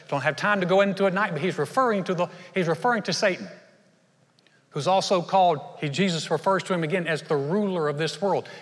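Man, pastor, sermon, animated, fairly high voice, long hall reverb. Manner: animated, acts out short voices in his stories.

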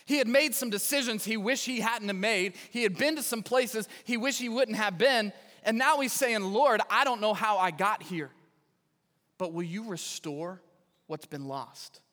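A man's voice: sits high, moderate pace, sharp tone. A male pastor giving a sermon with stories and self-deprecating humor, speaking in a large church hall. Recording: reverberant hall.

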